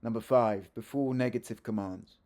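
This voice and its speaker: A man's voice: medium pitch, normal speed, darkish tone. A man teaching a video grammar lesson, chatty and self-correcting, with joking asides as he explains. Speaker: Spanish teacher.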